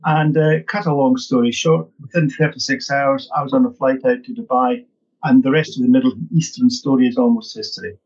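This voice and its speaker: A man's voice: medium pitch, fairly even intonation, brisk, darkish tone, breathy edge. A middle-aged man, a training consultant, answering interview questions in an upbeat, emphatic way, often repeating words. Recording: dull lo-fi sound.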